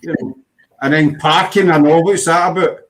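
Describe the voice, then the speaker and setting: A podcast host chats casually, rambling through stories and dropping "you know" constantly. His voice sits fairly high with a steady tone and a moderate pace, and the recording is rough.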